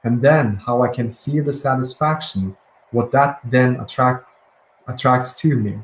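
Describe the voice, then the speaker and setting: A man leading a guided breathing and affirmation session, speaking softly and slowly with calm pauses and restarts. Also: mid-range voice. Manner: soft, slow and gentle, with calm pauses and restarts. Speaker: guided release teacher. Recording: echoey room with faint ambient noise.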